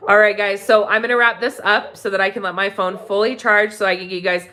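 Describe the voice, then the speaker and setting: A woman vlogger living in Mexico, chatting casually and warmly to her viewers, rambling with many ums and restarts. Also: mid-range voice, fairly even intonation, fast, background noise. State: tearful near the end. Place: home in Mexico.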